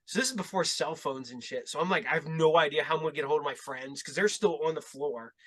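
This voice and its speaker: Bright high-voiced man telling stories. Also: fast. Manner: rambling, animated, laughs through his stories. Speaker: podcast host. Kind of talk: casual storytelling chat.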